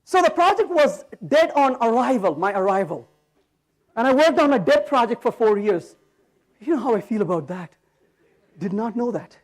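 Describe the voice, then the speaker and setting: This man's pitch is extremely high as he delivers a conference talk at normal speed on a hall stage. Animated and fond of jokes, he tells stories and throws rhetorical questions to the audience.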